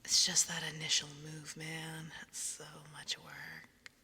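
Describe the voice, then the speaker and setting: A young woman streamer talks casually with her viewers in a somewhat low voice, slipping now and then into a soft whisper close to a binaural microphone. A long reverb trails behind her words, with a faint hiss underneath. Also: very animated, slow. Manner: chatty, often dropping into a soft whisper. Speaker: ASMR streamer. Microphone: binaural ASMR microphone.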